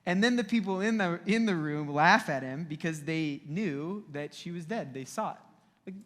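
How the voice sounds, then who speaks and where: Animated young man preaching in a hall. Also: on the high side. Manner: casual, animated storytelling with quick asides. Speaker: youth pastor. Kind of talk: youth sermon, retelling a scripture story. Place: church hall or auditorium, livestream.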